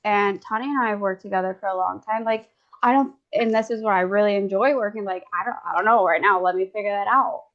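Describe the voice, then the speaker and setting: Brief: chatty woman guest, lots of "like", mid pitch, dull lo-fi call audio. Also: quick pace. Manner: chatty, rambling, many "like" fillers, laughs often. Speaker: guest discussant. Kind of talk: casual chat.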